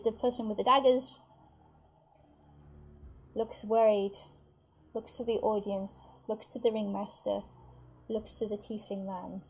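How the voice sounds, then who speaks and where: A woman narrating a tabletop game as game master, lively and full of restarts. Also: medium pitch, slightly rough. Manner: lively, with many fillers and restarts.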